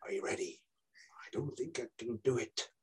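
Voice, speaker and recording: A man doing an Irish detective from a TV series, hushed and halting as he lays out how the killer works. His voice is a little husky, and he leans on each word for drama. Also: medium pitch, steady tone. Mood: hushed dramatic. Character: male Irish TV detective explaining a case.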